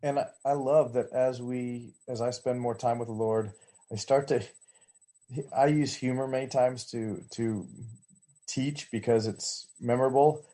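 A man's voice: mid-range voice, steady tone, measured pace, mellow. A man on a church teaching team reflecting aloud on a video call, often searching for his words. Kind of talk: casual discussion on a video call.

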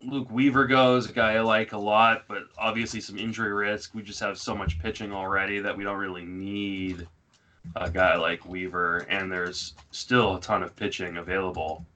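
A man's voice: lowish voice, level tone, moderate pace, sharp tone. A man hosting a casual fantasy baseball show, thinking aloud with many fillers as he comments on a live draft. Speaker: fantasy baseball podcast host.

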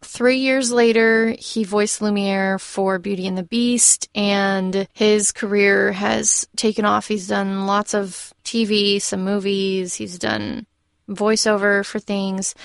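A young woman chats casually as a podcast co-host, with a gravelly, creaky edge to her voice. She restarts her sentences often and keeps things lively. The sound is dry and close. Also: mid-range voice, no echo. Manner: chatty, with restarts and fillers. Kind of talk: casual film discussion chat.

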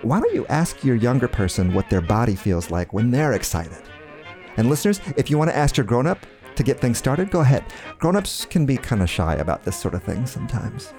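A man's voice: mid-range voice, big pitch swings, a little fast, a little mellow, faint music behind. A man hosting a children's podcast, talking playfully straight to young listeners. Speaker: podcast host.

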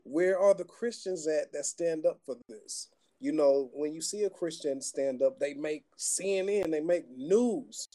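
Earnest man with a mellow higher voice. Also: a little slow. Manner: earnest, preachy commentary. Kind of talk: casual faith conversation.

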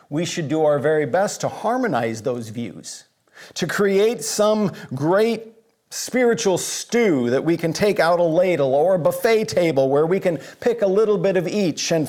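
A man preaching a sermon in an earnest, measured way, pausing for emphasis. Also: fairly high pitch, a little mellow. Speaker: pastor.

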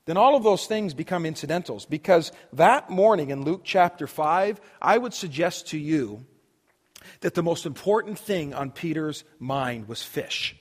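A man preaching a sermon to students, telling a story and swinging between loud and hushed delivery. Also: a little high, expressive, a little slow, husky. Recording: long reverb of a hall.

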